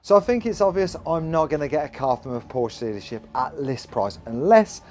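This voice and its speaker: A man's voice: a little high, animated, brisk, darkish tone. A man narrating his car vlog in an earnest, determined way. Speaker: car vlogger. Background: music.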